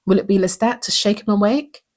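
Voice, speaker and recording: A woman briskly goes through a TV episode on her channel, speaking with earnest emotion and asking many rhetorical questions. Her voice is medium-pitched with a darkish tone.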